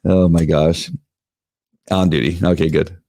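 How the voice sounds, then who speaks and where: A man's voice: deep voice, flat delivery, unhurried, mellow, no echo, clean studio sound. A middle-aged man co-hosting a casual chat, joking and often restarting his sentences. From United States. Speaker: co-host.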